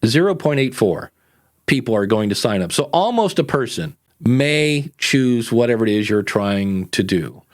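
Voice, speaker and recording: A middle-aged man hosting a podcast, ranting with sarcastic, animated asides about beginners. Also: mid-range voice, normal speed. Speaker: podcast coach and host. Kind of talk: casual podcast chat.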